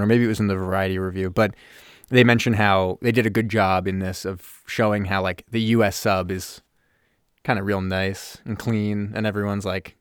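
Low-voiced man in casual podcast chat. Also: clean tone, no room sound, clean studio sound. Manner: rambling, restarts sentences. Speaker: podcast co-host. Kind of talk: casual movie review chat.

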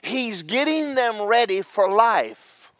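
In a dry recording, a man with a high, sing-song, slightly bright voice preaches slowly, spinning folksy, jokey Bible stories and doing comic voices for the characters.

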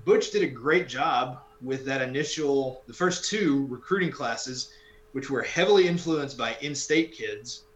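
A man's voice: medium pitch, fairly bright tone, reverberant, poor audio. A man co-hosting a podcast, talking casual sports in a rambling, wry way and often correcting himself mid-sentence. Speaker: podcast co-host.

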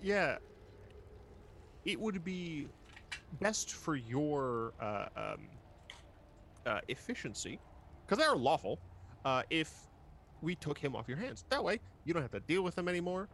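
A man voicing a male adventurer who bargains with devils in a halting, hesitant way. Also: fairly high pitch, very animated, a bit bright, a little hiss or hum. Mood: persuasive. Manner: hesitant, halting, filler-heavy.

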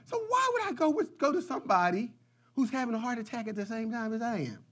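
Man, sermon, high voice, rhythmic repetition, quiet lows, shouted highs. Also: sing-song, fairly quick, breathy edge. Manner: swings from low hushed passages to shouted high peaks; repeats phrases in rhythmic runs. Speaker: preacher.

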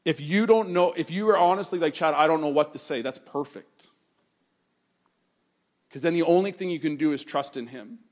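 A pastor giving an earnest sermon, telling a personal story in a conversational way and slowing down to stress key points. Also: male voice, a little high.

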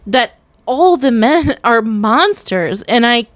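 A woman's voice: fairly high pitch, lively intonation, slow pace. Woman cohost on a movie podcast, blunt and pushy, dry no-echo sound. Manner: blunt and argumentative. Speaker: podcast co-host. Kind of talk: casual film-review chat.

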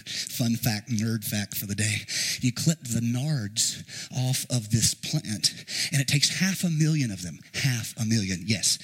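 A man preaching a sermon to a congregation in a church, with a sing-song cadence, rising shouts and folksy joking asides. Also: mid-range voice, slightly rough, low-quality recording. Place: church sanctuary before a congregation.

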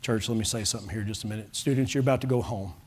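A man preaching a sermon to his congregation as pastor, fervent and rising to loud pleading calls. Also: fairly low pitch, rapid-fire, slightly rough. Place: church sanctuary with a congregation.

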